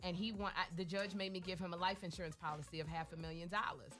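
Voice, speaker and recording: A middle-aged woman comedian, a guest, telling stories in a lively, animated way in casual interview chat. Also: fairly low pitch, quick pace, faint music behind. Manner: lively storyteller, animated quoting.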